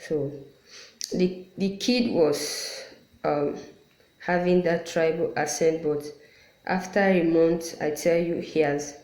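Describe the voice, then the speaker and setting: A woman with a lowish voice gives an unhurried lesson, repeating each letter sound patiently to demonstrate it. Her voice rings in a roomy, echoey space. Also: steady tone, a little mellow. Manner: apologetic asides. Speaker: Quran recitation teacher. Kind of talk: explanatory lesson. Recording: roomy echo.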